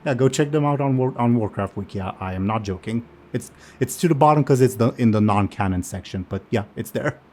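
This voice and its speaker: A man narrating a tabletop game as game master, unhurried and halting with many fillers. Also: medium pitch, warm tone.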